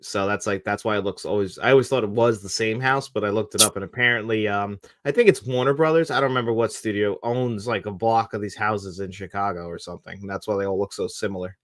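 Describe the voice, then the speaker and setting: A man's voice: fairly low pitch, fast, hardly any pauses, a bit bright. A man co-hosting a film podcast in a casual film discussion, chatty and full of fillers. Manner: chatty, full of "like" and "you know". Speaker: podcast co-host. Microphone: podcast microphone.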